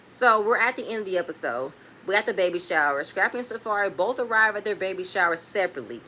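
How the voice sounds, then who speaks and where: A woman recapping a reality TV episode in a casual, blunt, animated way, with speech. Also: on the low side, slight background noise. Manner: animated, blunt and swearing, swings between loud and quiet.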